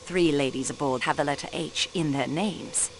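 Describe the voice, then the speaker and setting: Speaking in a low voice at normal speed, with a little hiss or hum in the recording, a young woman voices a character for a mystery game. The role is a railway clerk serving as detective, a sharp young female sleuth who is cool, poised and persistent. Her mood is probing, and she drops in French phrases as she goes.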